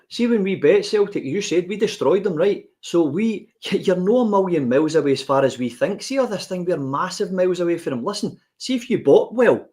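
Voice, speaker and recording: A man's voice: a little high, darkish tone. A man with a Scottish accent, co-hosting a podcast and ranting with passion in casual chat. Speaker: podcast co-host.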